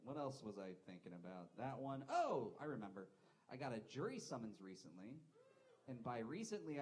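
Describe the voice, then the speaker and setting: A man's voice: mid-range voice, rough recording. A man doing a live stand-up set at a comedy club, rambling and self-deprecating, swearing a lot. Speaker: stand-up comic.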